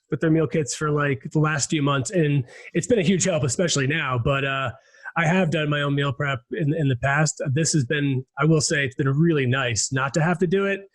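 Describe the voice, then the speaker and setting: A man co-hosting a podcast, who talks casually and rambles, restarting his sentences often. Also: on the high side. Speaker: podcast co-host. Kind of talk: casual interview chat.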